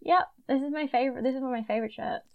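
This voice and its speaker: A young woman with a Queensland Australian accent, co-hosting a podcast in casual, enthusiastic chat that sinks to a quieter murmur when she tells a story. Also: rapid-fire, phone-quality sound. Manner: chatty, enthusiastic, drops to a low murmur when telling stories. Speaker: podcast co-host.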